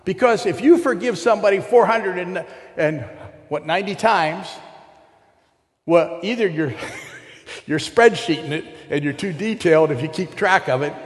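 A pastor with a high-sitting, expressive voice preaches to his congregation at a moderate pace, retelling a parable and posing rhetorical questions to the listeners. The recording carries a long hall reverb.

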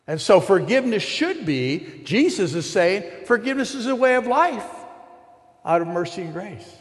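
A man's voice: high voice, sing-song, normal speed. A man preaching a sermon to a congregation, retelling a parable and putting rhetorical questions to his listeners. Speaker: pastor. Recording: long hall reverb.

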